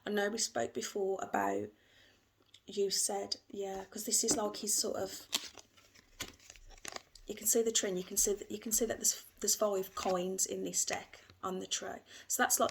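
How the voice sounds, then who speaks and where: A woman giving an emotional, gentle tarot reading, repeating herself often. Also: mid-range voice, vocal fry, a little hiss or hum. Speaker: tarot reader.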